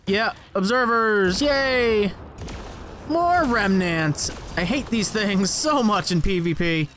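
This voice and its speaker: A young man commentating his gameplay, excitable and sarcastic, swearing and talking back at the game. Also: sits high, slow, a little hiss or hum. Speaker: let's play gamer.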